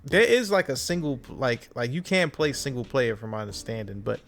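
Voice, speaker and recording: A man co-hosting a podcast, talking in a relaxed, casual way with lots of fillers like "you know what I'm saying". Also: medium pitch, a little fast, creaky. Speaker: podcast co-host. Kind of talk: casual chat.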